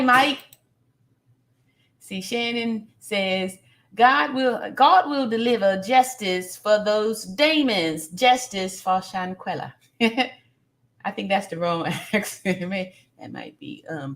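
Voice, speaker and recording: A woman's voice: a little high, fairly bright tone. A woman hosting a casual live stream, reading viewer comments aloud and repeating phrases for emphasis, with plenty of fillers.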